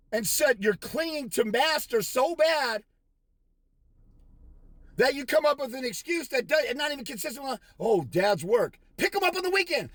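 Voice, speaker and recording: A man ranting aggressively and insulting a viewer, with shouted bursts. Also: very high-pitched, no room sound. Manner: mocking put-on quotes of others. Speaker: fathers' rights consultant. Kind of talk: angry profane rant to camera.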